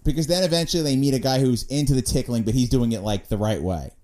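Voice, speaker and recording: A man's voice: mid-range voice, fast, darkish tone. A man co-hosting a casual podcast, rambling and trailing off mid-sentence. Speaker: podcast co-host.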